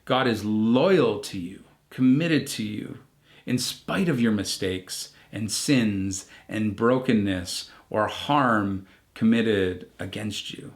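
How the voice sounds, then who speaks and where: Slow, measured male pastor preaching. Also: lowish voice. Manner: measured, reflective preaching with emphatic pauses. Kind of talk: recorded online sermon.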